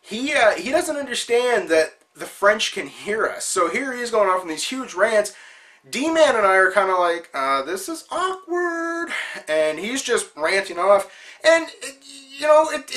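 A young man hosting his own video show, casually telling a story about an online hockey game and acting out his friends' lines. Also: sits high. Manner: animated, acts out quotes of friends.

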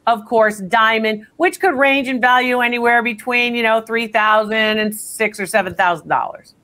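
Brisk high-voiced woman appraiser. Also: steady tone, pushed and bright. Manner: brisk, chatty, direct. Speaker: appraiser hosting a live call-in stream. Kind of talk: unscripted live appraisal chat.

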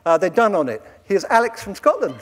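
Wry British man giving a lively talk. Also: high-pitched, a little fast, big-room sound, noisy background. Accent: British English. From Britain. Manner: lively, wry and conversational, with asides. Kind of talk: live public talk with slides. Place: lecture hall with audience.

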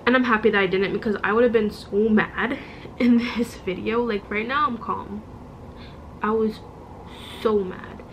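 A woman vlogger telling a story in a casual, animated and exasperated way, demonstrating with objects as she goes. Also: a little high, a little hiss or hum, rough recording. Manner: demonstrates with objects while talking.

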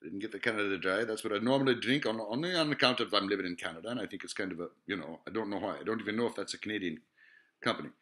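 Rambling, swearing man, forceful voice. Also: on the low side, racing. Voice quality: profane, rambling, lots of filler sounds. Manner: digressive, musing, asks rhetorical questions. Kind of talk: rambling monologue to camera.

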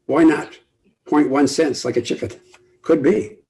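An older man speaking as a guest expert on an online panel call, emphatic and lively, often acting out quoted voices. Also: a little high, a little slow, gravelly. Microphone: video call.

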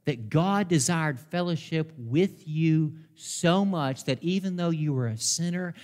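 Man preaching, fervent, slightly high voice, long church reverb. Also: darkish tone. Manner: fervent, slows down for emphasis. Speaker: pastor. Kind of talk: sermon. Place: church sanctuary.

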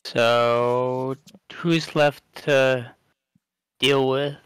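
A man's voice: medium pitch, fairly even intonation, extremely slow, a bit bright, clear, resonant tone, no echo. A man playing a tabletop game, casual and easily confused. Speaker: player.

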